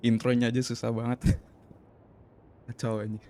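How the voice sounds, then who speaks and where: A man's voice: mid-range voice, level tone, normal speed, a little hiss or hum. A man giving casual, hesitant gameplay commentary with frequent fillers and laughing asides. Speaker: gameplay streamer. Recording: game music playing loudly.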